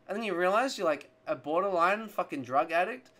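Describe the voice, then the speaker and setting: A man reacting to his gacha pulls with loud, profane excitement and begging. His voice is bright and cutting, and his pitch swoops all over the place. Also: fairly quick, few pauses. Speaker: gaming content creator.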